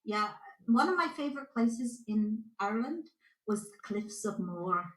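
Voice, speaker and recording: A Canadian woman tells stories as a guest on a video call. She acts out quoted voices along the way. Her voice is bright and slightly high, and it echoes in the room. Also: normal speed. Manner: animated storyteller, acts out quotes. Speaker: guest intuitive. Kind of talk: casual interview chat.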